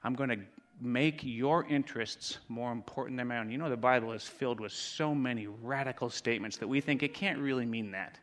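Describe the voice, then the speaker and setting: Preacher swinging from hush to shout. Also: male voice, mid-range voice, brisk. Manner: dramatic swings from hushed to shouting. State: out of breath. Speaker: pastor. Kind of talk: sermon.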